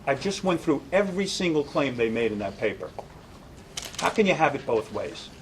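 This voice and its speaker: A man's voice: fairly high pitch, sing-song, moderate pace, a little hiss or hum, rough recording. A middle-aged man, a radio broadcaster, giving an indignant, sarcastic statement and taking questions at a press conference.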